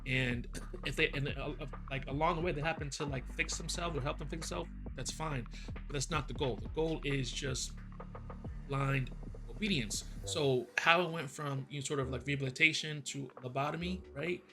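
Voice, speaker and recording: A man hosting a music reaction, rambling and excitable, full of fillers and restarts. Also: on the high side, normal speed. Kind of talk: casual reaction commentary.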